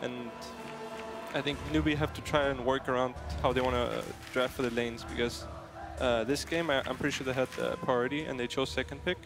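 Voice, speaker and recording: A man gives analysis on an esports panel, thinking aloud with many hesitations and fillers. His pitch is medium, and music plays clearly behind him. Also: fairly even intonation, brisk.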